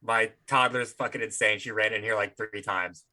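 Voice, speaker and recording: A man's voice: lowish voice, fairly even intonation, normal speed, sharp tone. A man co-hosting a podcast in casual chat, blunt and sarcastic, with some swearing. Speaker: podcast co-host.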